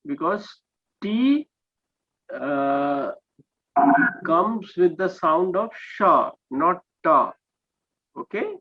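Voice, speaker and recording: Teaching an online class with an Indian English accent, this man patiently corrects his students' speech and keeps checking in with "okay?". His high voice swings widely in pitch, sounds a bit bright, and moves extremely slowly with frequent pauses. The video call audio is dull and lo-fi.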